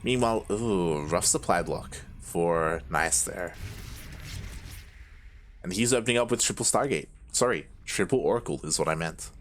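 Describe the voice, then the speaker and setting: A young man from Australia with a mixed Australian and Spanish-influenced accent, casting a game live on his own, excitable and quick to exclaim. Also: low-pitched, a little hiss or hum. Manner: excitable, exclaims often and laughs at chat. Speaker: esports caster. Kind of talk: solo live game commentary.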